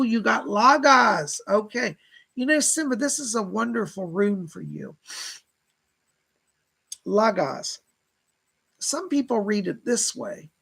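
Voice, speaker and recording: Gravelly husky man giving chatty readings. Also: high voice, a bit bright, rough recording. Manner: chatty, reads out viewer comments, laughs often. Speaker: psychic reader hosting a live stream. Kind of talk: casual live-stream reading.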